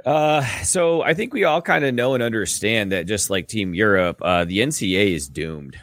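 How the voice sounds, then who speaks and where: A man co-hosting a sports podcast over a remote call, talking in a laid-back, halting, joking way. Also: on the low side, expressive, a bit bright, no echo. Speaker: podcast co-host. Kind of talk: casual sports chat. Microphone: remote call mic.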